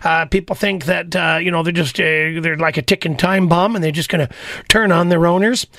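A man's voice: fairly high pitch, fairly even intonation, fairly quick, gravelly, fairly bright tone, no echo, studio quality. A middle-aged man hosting a radio call-in show, upbeat and promotional, repeating phone numbers with lots of fillers. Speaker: radio talk show host. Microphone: studio microphone.

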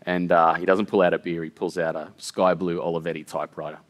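A middle-aged man, appearing as a guest storyteller, recounts an emotional personal story with a low-pitched, level voice at a fast pace. His telling is earnest and tumbling, packed with fillers and restarts.

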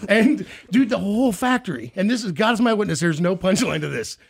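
A middle-aged man from the Kansas City area, hosting a casual chat and telling a story with animated, acted-out quotes. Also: high voice, a little fast, vocal fry, breathy edge. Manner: animated storyteller, acts out quoted voices loudly.

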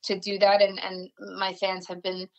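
A woman musician guest in a casual interview over a video call, talking warmly with many fillers and restarts. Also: medium pitch, monotone, normal speed, rough recording.

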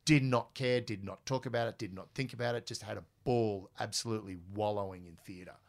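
A man in his forties with an Australian accent, telling animated stories as a podcast guest. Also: lowish voice, brisk, vocal fry. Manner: animated, acts out quoted voices. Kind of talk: casual storytelling.

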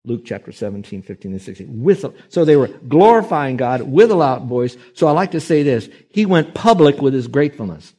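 A male pastor preaching a sermon at a middle pitch for a man. He preaches emphatically, rising and falling as he presses a point, and often slips into the voices of the people he quotes. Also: very animated, brisk, hardly any pauses, mellow.

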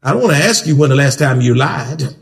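A man preaching a sermon as pastor, mixing jokes with loud, soaring shouts. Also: lively intonation, fairly quick, gravelly. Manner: preaching with humor, swings into loud high-pitched shouts. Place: church. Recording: echoey church hall.

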